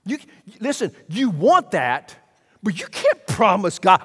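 A man preaches a sermon, talking to the congregation in a conversational way and moving from quiet asides to loud bursts. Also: high-pitched, wildly swooping pitch, slow, husky, in a large hall. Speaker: pastor.

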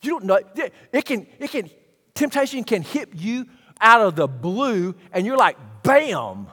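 A pastor preaches in a fairly high voice, talking to his congregation in a conversational way. Quiet asides turn into loud bursts. His words carry a long reverb through a large church sanctuary. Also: very animated, unhurried, husky. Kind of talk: sermon.

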